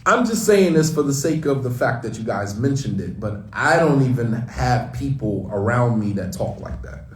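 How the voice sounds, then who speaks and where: Imam, roomy distant sound. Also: male voice, mid-range voice, expressive, normal speed. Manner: conversational, emphatic, repeats phrases. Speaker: imam giving a morning reminder. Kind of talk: casual religious talk.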